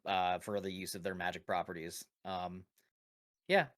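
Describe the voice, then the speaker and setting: A man's voice: low voice, little pitch movement, moderate pace, a bit bright. A man co-hosting a podcast, who is also a dungeon master, chatting loosely about his tabletop characters, swearing and laughing often. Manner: loose and profane, laughing often, rambling with restarts. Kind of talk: casual podcast chat.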